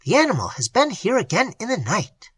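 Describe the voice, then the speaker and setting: A narrator voicing an eager, excited young man in a classic storybook reading. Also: medium pitch, fairly quick, breathy edge, no room sound, voice pushed up, exaggerated voice.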